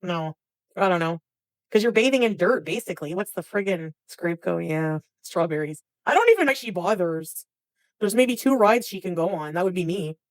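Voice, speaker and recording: A woman's voice: on the low side, lively intonation, normal speed, no echo, poor audio. A woman livestreaming, chatting casually with her viewers and often laughing. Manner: chatty, reacts to chat names, laughs often. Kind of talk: casual chat with live viewers.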